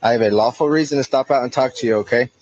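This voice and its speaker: A man's voice: medium pitch, rapid-fire, darkish tone, lo-fi sound. A man working as a police officer, questioning someone during a stop and insistently repeating himself.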